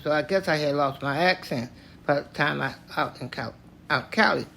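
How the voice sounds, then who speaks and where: An older man from Tennessee, slowly and plainly recounting a story from his own life. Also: on the high side, gravelly, bright, forceful tone, a little hiss or hum. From Tennessee, US South. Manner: slow, plainspoken, matter-of-fact telling. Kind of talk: spoken personal story.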